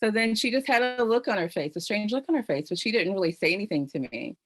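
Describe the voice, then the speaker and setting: Over a video call microphone, a middle-aged woman hosting a virtual panel shares her personal testimony, earnest and heartfelt and full of "you know" fillers. Her mid-range voice is animated and quick, on a dry recording.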